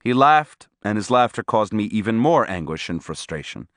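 Animated male audiobook narrator. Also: fairly low pitch, normal speed, no room sound, studio quality. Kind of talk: scripted first-person narration.

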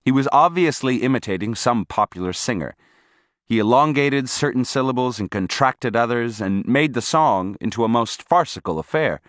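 Animated male audiobook narrator. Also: mid-range voice, normal speed, no echo, clean studio sound. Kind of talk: scripted first-person narration.

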